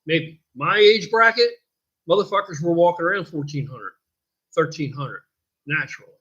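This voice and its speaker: An older man talks on a live stream, rambling and swearing freely in a husky voice that sits a bit high for a man. The sound is dull and lo-fi. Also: moderate pace, a bit bright. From United States. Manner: blunt, profane and rambling. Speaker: host. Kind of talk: casual live-stream chat.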